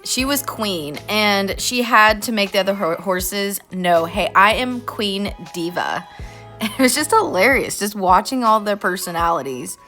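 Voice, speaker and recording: A woman with a bright, forceful voice chats earnestly over her artwork, rambling and heartfelt. Faint music plays underneath. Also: medium pitch, expressive, measured pace. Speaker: artist vlogger. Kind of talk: casual voice-over while drawing.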